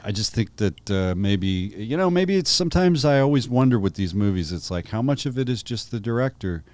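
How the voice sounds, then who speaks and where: Deep-voiced man musing in casual chat. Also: lively intonation, a little fast, a little mellow, no echo. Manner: conversational, musing, self-interrupting. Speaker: podcast co-host. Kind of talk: casual film review chat.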